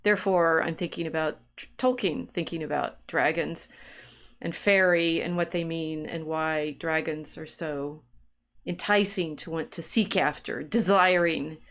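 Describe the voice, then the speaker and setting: A woman's voice: deep voice, fairly even intonation, measured pace, a bit bright. A middle-aged woman co-hosting a podcast in casual chat, playful and enthusiastic, laughing often. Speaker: podcast co-host.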